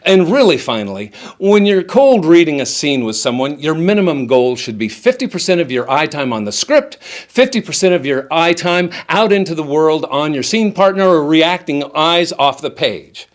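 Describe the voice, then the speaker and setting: A man's voice: a little high, very animated, normal speed. A middle-aged man, an acting coach, delivering a scripted acting tip from a teleprompter in a playful, emphatic way.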